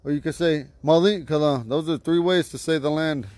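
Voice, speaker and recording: A man teaching vocabulary to a class outdoors at home, patiently repeating each word slowly. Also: a little high, darkish tone. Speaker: language teacher.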